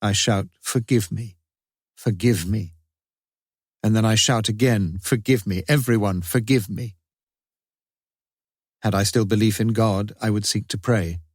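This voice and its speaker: A man's voice: lowish voice, a little slow, pauses often, no echo, clean studio sound. A man reading as an anguished grieving father. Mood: despairing. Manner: solemn, despairing, theatrical reading. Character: anguished, grieving father writing a confessional diary.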